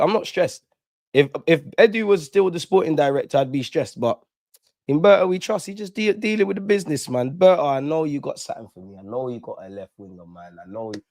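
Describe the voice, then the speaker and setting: A man's voice: on the high side, no echo, studio quality. A young man, chatting casually and animatedly on a live fan stream, full of slang. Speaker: fan channel host.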